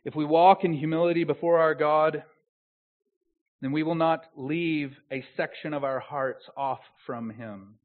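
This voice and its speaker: A man preaching a sermon as a pastor, swinging from soft, close, earnest phrases to loud, slowed, emphatic proclamation. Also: on the high side, steady tone. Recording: tinny phone-like sound.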